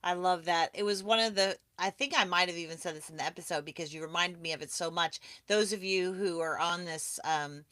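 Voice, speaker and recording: Bright, upbeat woman hosting a live stream. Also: on the low side, brisk, few pauses, no room sound. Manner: enthusiastic, laughs often, chatty with restarts. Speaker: host of a live awards broadcast. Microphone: video call.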